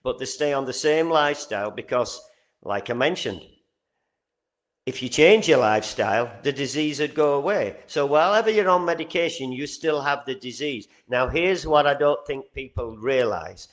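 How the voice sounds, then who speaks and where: A man from England with a Northern English accent, a guest talking earnestly in a casual interview, getting animated as he tells stories. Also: medium pitch, normal speed. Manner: earnest, animated when telling stories, frequent restarts. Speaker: podcast guest.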